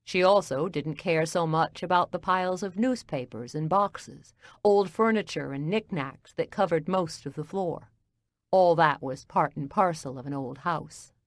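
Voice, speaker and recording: A woman reading a cozy mystery audiobook as narrator, in a calm, even storytelling manner. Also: sits low, measured pace, dry recording, clean studio sound.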